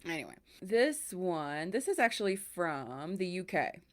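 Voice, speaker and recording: A woman's voice: on the low side, a little slow. A woman hosting a podcast, telling stories in a casual chat and acting out the voices she quotes. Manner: animated, acts out quoted voices. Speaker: podcast host.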